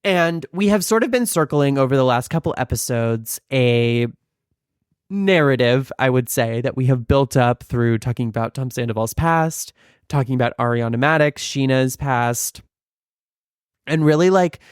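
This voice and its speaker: A man's voice: mid-range voice, normal speed, clear, resonant tone, no echo, clean studio sound. Resonant-voiced male podcast host, theatrical. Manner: theatrical, profane, joking. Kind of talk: casual chat.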